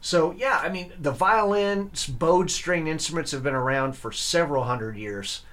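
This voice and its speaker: A man's voice: fairly high pitch, moderate pace, fairly bright tone. A young man talking as an interview guest, earnest and enthusiastic, with frequent fillers and restarts. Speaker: guest, electric violinist and grad student. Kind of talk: casual interview talk.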